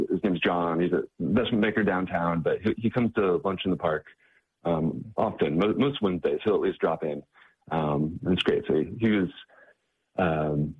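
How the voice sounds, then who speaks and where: A man being interviewed as a charity staff member, speaking in a halting way and repeating words, heard over a tinny phone-like line. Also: deep voice, husky. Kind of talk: interview conversation.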